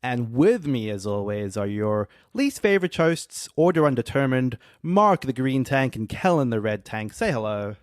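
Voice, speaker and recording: An upbeat man hosts a casual podcast with playful confidence. His voice sits in an ordinary middle pitch and sounds dry and close to the mic. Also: big pitch swings, normal speed, few pauses, no echo. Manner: upbeat, joking self-assured host. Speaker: podcast host.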